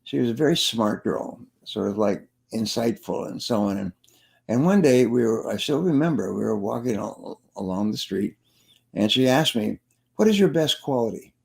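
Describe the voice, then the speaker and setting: Man, motivational sales speaker, gravelly voice, emphatic, repeats lines, telling stories in an interview. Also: fairly low pitch, normal speed, darkish tone. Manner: emphatic, repeats key phrases. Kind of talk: interview storytelling.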